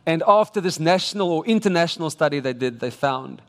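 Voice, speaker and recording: A man with a South African English accent delivers an emphatic, exhorting sermon with a fairly high voice. He often restarts his phrases. His words ring out with the long reverb of a large church hall. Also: expressive, fairly quick. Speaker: preacher.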